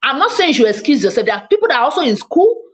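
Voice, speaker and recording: A woman from Nigeria with a Nigerian English accent, giving a fast, emphatic, self-assured online mentoring talk as a coach. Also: high voice, very animated, low-quality recording. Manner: speaks fast, by her own account.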